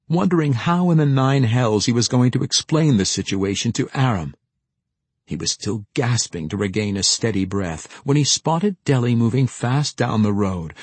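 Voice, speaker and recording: A man narrating a fantasy novel as an audiobook, in measured storytelling, lightly voicing the characters. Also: mid-range voice, darkish tone, slightly rough, no room sound.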